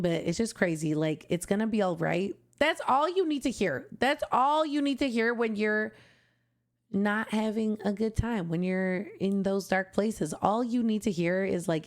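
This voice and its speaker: A woman's voice: mid-range voice, normal speed. A young woman streamer reacting to an album, talking in a heartfelt, gushing way that turns tearful at times. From Canada. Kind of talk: emotional casual reaction commentary.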